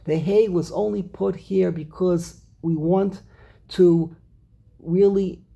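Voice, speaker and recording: A man giving a text study lesson as a Torah teacher, restarting phrases and slowing down to stress words. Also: high-pitched, steady tone, vocal fry, warm tone, husky, muffled recording.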